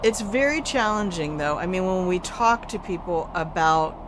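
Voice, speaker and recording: A woman's voice: lowish voice, expressive, normal speed, background noise. An older woman chatting casually as she streams a video game. She talks back to the game and swears offhandedly. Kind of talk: casual live-stream gameplay commentary.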